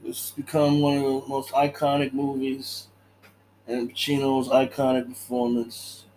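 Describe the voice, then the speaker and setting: A man's voice: medium pitch, monotone, unhurried, darkish tone, slight background noise. A man casually recapping a movie in a laid-back way, laughing often and acting out lines.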